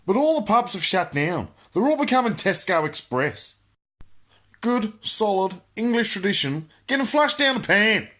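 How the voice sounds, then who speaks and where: A man's voice: high voice, very animated, moderate pace, sharp tone. A man with an Australian accent hosting a crude comic monologue, answering viewer questions in a brash, boisterous way and laughing at his own jokes.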